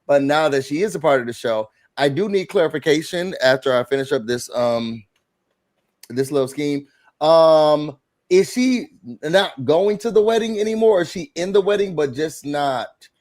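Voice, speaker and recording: A man hosting a live show recap, chatting casually and acting out quotes with sudden loud bursts. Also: a little high, animated, moderate pace. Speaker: host.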